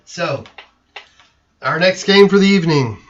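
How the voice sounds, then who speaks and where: A man's voice: fairly high pitch, animated, unhurried. A man hosting a casual livestream, chatty and giggly, trailing off and laughing as he talks. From Texas. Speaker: livestream host. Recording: lo-fi stream audio.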